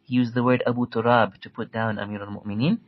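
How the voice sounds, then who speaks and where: A man's voice: medium pitch, little pitch movement, fast talker, lo-fi sound. A man giving an earnest religious history lecture, telling stories and reciting Arabic passages before translating them, often repeating words as he restarts phrases.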